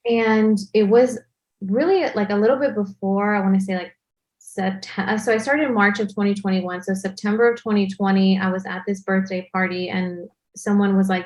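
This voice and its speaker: A woman's voice: mid-range voice, steady tone, normal speed, a little mellow. Chatty young woman with a Valley girl lilt. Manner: Valley girl speech, many "like" fillers. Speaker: guest content creator. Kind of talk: casual interview chat.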